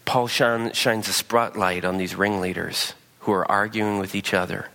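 A man's voice: lowish voice, fairly even intonation, normal speed, sharp tone, big-room sound. A man preaching a sermon, telling the story with animation and acting out the quotes himself. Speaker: pastor.

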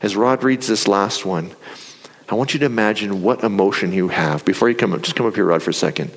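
A man preaching a sermon in a conversational, animated storytelling way. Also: on the low side, brisk. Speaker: pastor. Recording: reverberant hall.

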